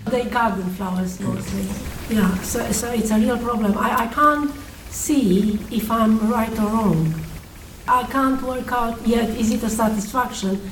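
Woman, audience question, hesitant and halting, far from the mic, audible room noise behind. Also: fairly high pitch, reverberant. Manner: hesitant, searching, halting restarts. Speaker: audience member asking a question.

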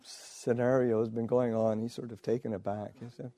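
A Buddhist monk, a man, telling a teaching story in a halting way, full of fillers and restarts, with soft chuckles. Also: medium pitch, little pitch movement, no room sound. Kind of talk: storytelling dharma talk.

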